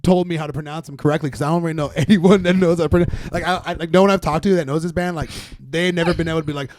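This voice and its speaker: A man's voice: a little high, steady tone, rapid-fire, a little mellow, dry recording, clean studio sound. A young man chatting casually as a podcast guest, rambling and laughing often. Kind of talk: casual chat.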